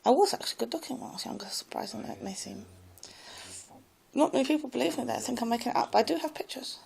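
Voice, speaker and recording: A woman talking to camera in a rambling personal monologue, repeating herself and trailing off into soft mumbles. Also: on the high side, lively intonation, fast talker, gravelly, low-quality recording. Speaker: vlogger.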